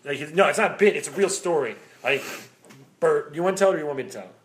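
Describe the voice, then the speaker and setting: Pitched on the high side with lively intonation, this man races through his words over a faint hiss or hum. He's a Midwestern podcast co-host who tells long, rambling stories in loose conversation, swearing and laughing throughout.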